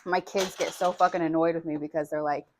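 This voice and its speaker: A woman's voice: deep voice, steady tone, fairly quick, a little hiss or hum. A woman in her forties, vlogging in a frank, casual way with lots of swearing and filler words. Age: 40s. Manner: frank and profane, filler-heavy, chatty. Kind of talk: candid casual vlog chat.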